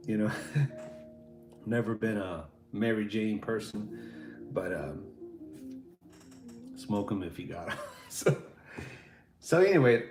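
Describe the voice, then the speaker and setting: Slow and expressive, with long pauses, a man whose voice runs low hosts a livestream and talks to his viewers in a rambling, casual, profanity-laced way. Faint music sits behind him in an echoey room.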